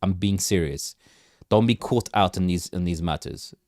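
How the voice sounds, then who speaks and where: Rambling crypto livestream host, low dry voice. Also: male voice, moderate pace, darkish tone, no room sound. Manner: rambling, repeats words, asks chat for questions. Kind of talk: casual live market commentary.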